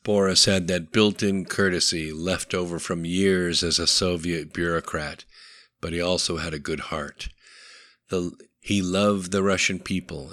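Male narrator, deep and bright-toned, dry close sound, steady storytelling. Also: no echo. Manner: steady storytelling, voicing each character in dialogue. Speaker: audiobook narrator. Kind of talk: scripted narration.

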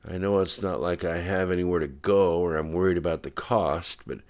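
Man doing a young pregnant woman, sarcastic, insistent, very deep. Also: fairly even intonation, moderate pace, darkish tone. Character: young pregnant woman recovering in hospital, wry.

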